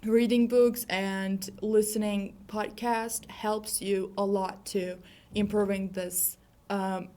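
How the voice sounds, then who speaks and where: A woman's voice: medium pitch, level tone, mellow. A teenage girl whose first language is Turkish, a student guest chatting casually on a school podcast with many "you know"s. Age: teens. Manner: chatty, leans on "you know", quick bursts.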